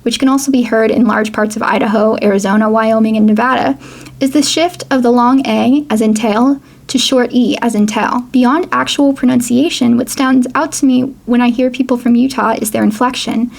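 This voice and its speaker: A woman's voice: on the high side, fairly even intonation, brisk, vocal fry. A woman hosting an educational video, chatty as she reads quotes and comments. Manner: chatty, reads quotes aloud, laughs now and then. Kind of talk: casual educational vlog narration.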